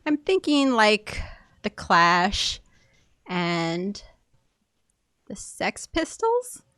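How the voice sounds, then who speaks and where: Woman playing a smug, slow-talking divorcée. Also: mid-range voice, very animated, fairly bright tone, clean tone, no room sound, clean studio sound, full character voice. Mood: self-assured. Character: newly divorced woman improv character, earnest and overconfident. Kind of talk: improvised comedy scene. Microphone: video call.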